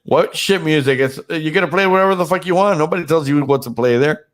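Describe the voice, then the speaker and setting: A man with a fairly high voice talks quickly while hosting a casual podcast chat, teasing and cursing freely through a stuffed-up nose. He's a podcast host and DJ, and his manner is profane and jokey.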